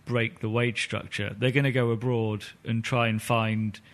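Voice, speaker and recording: A man's voice: medium pitch, flat delivery, moderate pace. A man joining a football podcast as a guest, talking casually in a gloomy, matter-of-fact way.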